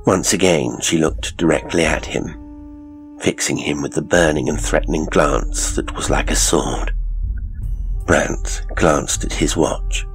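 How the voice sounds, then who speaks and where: A man reading a horror story aloud in slow, deliberate, hushed scripted narration. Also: a bass voice, fairly even intonation, soft background music.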